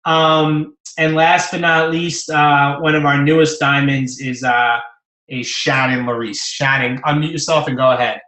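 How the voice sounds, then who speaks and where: A man's voice: a little high, unhurried. A man hosting a team conference call, joking and encouraging the members. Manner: animated, joking, supportive. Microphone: phone on a call. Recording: echoey call audio.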